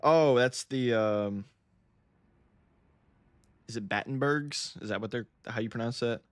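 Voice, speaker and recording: A man's voice: medium pitch, measured pace, dry recording. An American man chatting casually to his live-stream chat, often laughing, swearing and stumbling over words. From United States.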